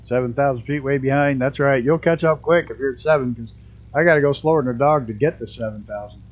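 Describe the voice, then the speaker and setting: A man with a mixed New York and Canadian accent and a trace of Southern US, giving live game commentary at a middle pitch. He laughs a lot and blurts out excited exclamations, his speech hampered by a damaged tooth. The stream mic sounds dull and lo-fi. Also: quick pace. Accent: mixed New York and Canadian with a hint of Southern US.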